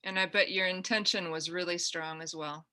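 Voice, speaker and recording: Bright, flat-voiced woman host. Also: lowish voice, moderate pace. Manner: brief affirming responses. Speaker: podcast host.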